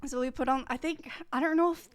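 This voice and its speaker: A woman's voice: high-pitched, steady tone, fast, no room sound. A young woman streamer telling a casual, rambling story full of fillers and swearing.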